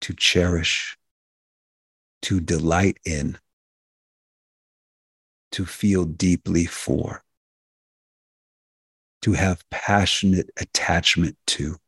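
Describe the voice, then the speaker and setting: A man with a very low, husky, fry-laden voice hosts a health talk radio show. He speaks in an emphatic, preacher-like cadence, repeating phrases for effect. His voice is recorded dry and close. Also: steady tone, very slow, pauses often, fairly bright tone, no room sound. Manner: addresses listeners directly as folks and healers.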